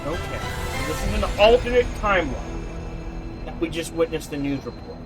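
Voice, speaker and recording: A man's voice: a little high, very animated, normal speed, music in the background, low-quality recording. A man in his forties giving casual, rambling gameplay commentary, often restarting and correcting himself. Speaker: let's play host.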